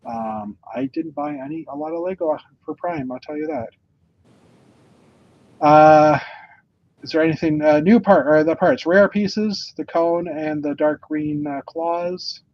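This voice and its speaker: A man's voice: a little high, unhurried, dull audio. A man co-hosting a casual chat about toy bricks, talking with many fillers and restarts. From Canada. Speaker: podcast co-host.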